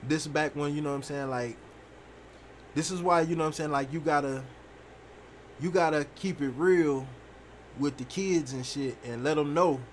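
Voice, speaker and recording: A young man casually telling a rambling, profane story while streaming a game, animated and full of fillers. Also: fairly high pitch, moderate pace, pauses often, a little hiss or hum. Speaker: gaming streamer.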